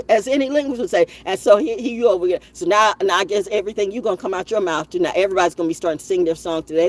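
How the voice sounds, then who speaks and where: A woman holding forth in a profane, scolding rant. Her pitch leaps up and swoops down all the time. She rambles and doubles back on her points, jabbing at her listeners as she goes. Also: animated, quick pace, few pauses. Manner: rambling, repeats herself. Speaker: spiritual vlogger. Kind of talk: ranting monologue to camera.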